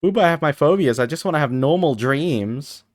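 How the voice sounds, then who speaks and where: A tired streamer bantering with chat through a close desk mic, the pitch swinging up and down all over. The sound is dry and close, with a teasing, playful way of talking. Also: lively intonation, fairly quick, dry recording. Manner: playful, reads chat aloud, teasing back. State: tired after a long stream. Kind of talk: casual live-stream chat while gaming.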